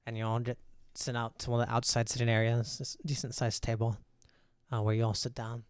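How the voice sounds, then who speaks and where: A man narrating a tabletop game as game master in a relaxed, filler-heavy way. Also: medium pitch, a little fast, clear, resonant tone, no echo, clean studio sound.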